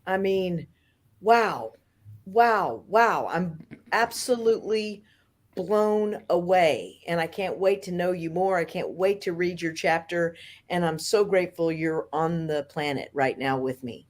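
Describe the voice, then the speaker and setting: A woman's voice: lowish voice, a little slow. A woman author responding to a talk with awed, effusive praise.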